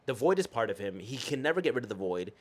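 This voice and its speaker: A young man gushing and riffing in a casual podcast chat, his voice sitting at an ordinary pitch. He talks in loose slang, swears freely and keeps calling his friend "bro". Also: very animated, quick pace. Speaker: podcast co-host.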